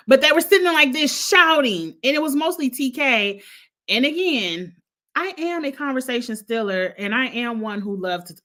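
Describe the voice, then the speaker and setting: A woman reviewing a reality show in a chatty, animated way, often laughing as she talks. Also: a little high, normal speed. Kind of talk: casual chat.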